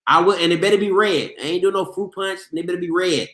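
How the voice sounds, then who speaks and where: Man, host, bright tense voice, playful arguing, casual chat, roomy echo. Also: sits high, quick pace. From Maryland. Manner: animated, playful, argumentative banter. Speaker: sports show host reading chat. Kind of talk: casual live-stream chat.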